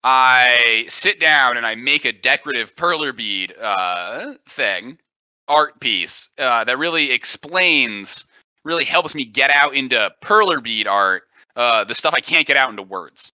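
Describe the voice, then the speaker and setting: Bright-voiced rambling podcast guy. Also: mid-range voice, animated, unhurried, no echo, lo-fi sound. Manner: rambling, gropes for words with fillers. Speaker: podcast co-host. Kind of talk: goofy comedic podcast banter.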